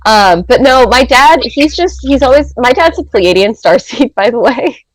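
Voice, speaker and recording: Woman in her thirties, podcast guest, chatty and animated storyteller, dry close sound. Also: fairly high pitch, moderate pace, dry recording, poor audio. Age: 30s. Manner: animated, rambling, heavy use of filler words. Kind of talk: casual storytelling.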